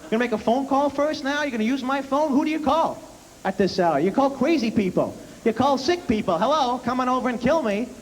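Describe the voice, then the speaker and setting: Man doing shrill paranoid older New York father, whiny griping, reverberant hall, faint hiss. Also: expressive, a little fast. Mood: nagging. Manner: whiny, exasperated ranting.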